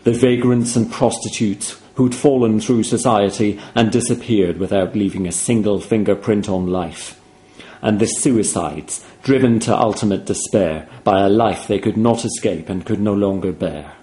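A man reading a horror story aloud in a grave, hushed, measured way. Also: lowish voice. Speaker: narrator.

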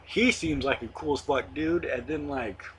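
A man's voice: fairly high pitch, normal speed, fairly bright tone, a little hiss or hum. A young man in his late teens hosting his own online show, rambling casually with lots of fillers and the odd swear word. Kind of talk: casual monologue to camera.

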